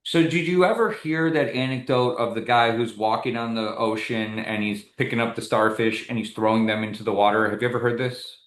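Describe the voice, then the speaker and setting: A man speaking as a guest in an interview, an animated and emphatic storyteller. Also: medium pitch, a little fast, hardly any pauses, roomy sound. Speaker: guest, community advocate. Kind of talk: conversational interview.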